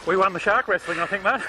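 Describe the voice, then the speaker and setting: A man's voice: high-pitched, noisy background. An Australian man on a fishing boat, bantering and calling encouragement to his mate. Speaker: fishing companion. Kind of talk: casual banter while handling a shark. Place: outdoors on a boat at sea. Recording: old TV footage with loud music. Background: loud music, boat.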